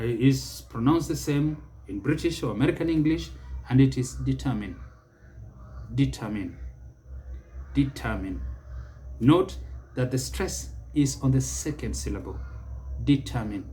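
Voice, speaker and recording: Male teacher with a Kenyan accent, mid pitch, mellow and unhurried, drills each word over and over. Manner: slow, deliberate, repeats each word several times. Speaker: pronunciation teacher. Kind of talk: English pronunciation lesson.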